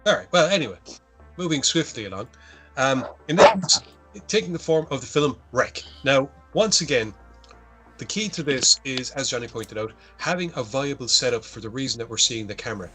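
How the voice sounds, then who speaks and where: Over music, a man co-hosting a podcast recaps a horror film in casual chat, rambling, swearing and correcting himself. His mid-range voice is expressive and brisk.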